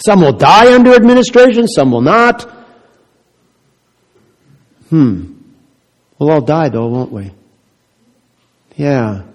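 A man preaching a sermon as a pastor, swinging between hushed, quiet lines and loud, emphatic ones, and asking many rhetorical questions. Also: a little high, expressive, slow pace, long pauses, in a large hall.

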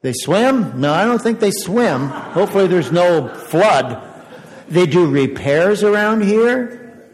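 An older male pastor gives a children's sermon in a chatty, questioning way, chuckling now and then. His voice sits a little high for a man. It rings out through a long-echoing sanctuary. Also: big pitch swings, slow, a little mellow, a little hiss or hum. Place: church sanctuary. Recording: echoey church sanctuary.

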